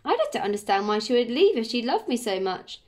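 Woman doing a high earnest young girl. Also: very animated, fairly quick. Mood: pleading. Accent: English. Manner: earnest, pleading.

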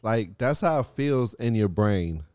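A man hosting a podcast, telling animated stories in casual chat, swearing and laughing often. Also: fairly low pitch, a little slow, clear, resonant tone, dry recording, clean studio sound. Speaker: podcast host.

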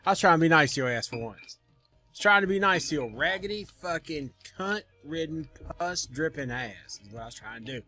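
Brash, lively-voiced game streamer man. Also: on the high side, brisk, soft background music. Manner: brash trash-talking, swings from mutters to yelling. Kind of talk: casual profane gaming commentary.

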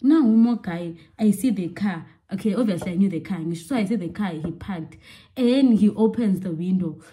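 A young woman telling a story to her viewers in a chatty, animated way, full of fillers and repeated words. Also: medium pitch, normal speed. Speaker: vlogger. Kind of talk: casual storytime vlog.

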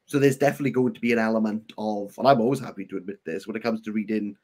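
A man with a Welsh accent hosting a casual book chat, talking in animated, rambling bursts with self-deprecating asides. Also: on the low side, very fast. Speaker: book channel host.

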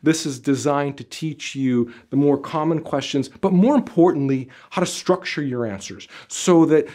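Animated, emphatic male career coach. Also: on the high side, moderate pace. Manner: animated, emphatic, gestures with arms and body; conversational, many "you know" fillers. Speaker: job interview coach. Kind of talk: direct-to-camera advice video.

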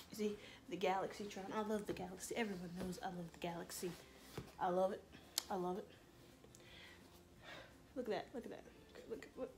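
A woman hosting a joking parody vlog, playful and giggly, often dropping into hushed whispered asides. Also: medium pitch, a little hiss or hum. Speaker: vlogger.

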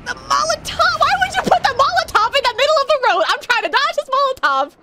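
A young woman streaming a shooter game, chatting casually, laughing and talking back to the game with sudden excited yelps. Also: very high voice, fast, a little hiss or hum. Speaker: streamer playing a shooter campaign. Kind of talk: casual let's-play commentary.

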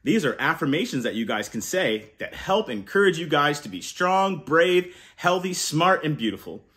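A man's voice: on the high side, very animated, moderate pace, a bit bright. A man reading a children's picture book aloud and leading kids in call-and-response chants. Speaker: children's storyteller.

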